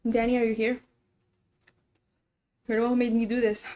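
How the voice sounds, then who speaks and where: A woman's voice: fairly high pitch, flat delivery, moderate pace, warm tone. A woman streamer chatting casually on a live stream, groaning and laughing as she eats, sniffling from the spice. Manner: chatty, groaning and laughing while eating spicy food. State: sniffling from spicy food.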